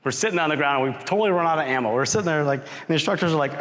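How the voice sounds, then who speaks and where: A man giving a motivational talk as a keynote speaker, telling a story with animated energy and acting out quoted lines. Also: fairly high pitch, rapid-fire, hardly any pauses. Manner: animated storyteller who acts out quotes and shouts. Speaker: keynote speaker, company founder. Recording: long reverb of a large hall.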